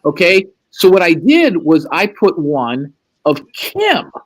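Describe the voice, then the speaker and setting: Animated, profane male storyteller. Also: fairly high pitch, takes it slowly. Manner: profane, animated, acts out quotes. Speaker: host. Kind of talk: casual storytelling.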